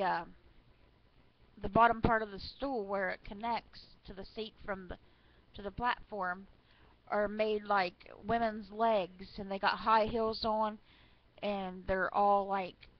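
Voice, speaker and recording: A woman's voice: medium pitch, little pitch movement, a little slow. A woman casually reading funny church stories aloud to her listeners, chatty, with fillers and asides. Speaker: online reader of church stories. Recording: slightly muffled with faint noise.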